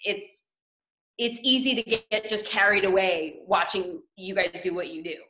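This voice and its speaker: A woman wrestling commentator rambles casually on a group call. Her voice is bright and sharp. The room around her is echoey. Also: mid-range voice, normal speed. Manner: rambling with restarts. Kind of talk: casual video call chat.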